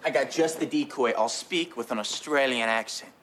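An actor playing an earnest, overeager young man in a sitcom, speaking in a self-serious way over loud studio laughter. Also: medium pitch, normal speed, lightly acted. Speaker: son, sandwich shop worker. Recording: sitcom set with loud audience laughter and noise.

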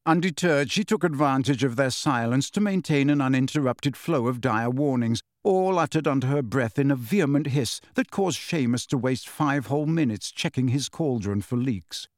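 A man reading a novel aloud in measured, even audiobook narration. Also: medium pitch, no room sound, studio quality.

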